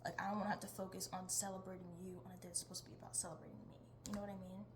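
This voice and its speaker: A woman's voice: on the low side, level tone, racing, background noise. A young woman in her teens talking casually in a rambling vlog, chatty and jumping between topics. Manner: chatty, jumps between topics, laughs often. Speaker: vlogger.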